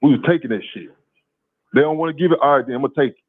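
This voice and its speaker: A man from calls in and tells a story in a profane, animated way, often repeating words as he stammers. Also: medium pitch, rapid-fire, husky. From Louisiana, USA. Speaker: caller. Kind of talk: casual call-in storytelling. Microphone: phone call. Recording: tinny phone line.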